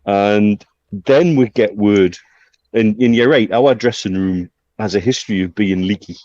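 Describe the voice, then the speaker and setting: A man co-hosting a football podcast, talking in a measured way with many fillers and restarts, on a dull, dry recording. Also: fairly low pitch, darkish tone, no room sound. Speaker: podcast co-host. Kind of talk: casual football chat.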